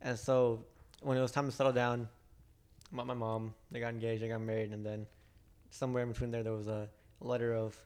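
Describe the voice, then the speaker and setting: A man's voice: mid-range voice, level tone, a little fast, darkish tone, clean tone. A young man chatting casually with friends, speaking hesitantly and often restarting his sentences. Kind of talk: casual chat.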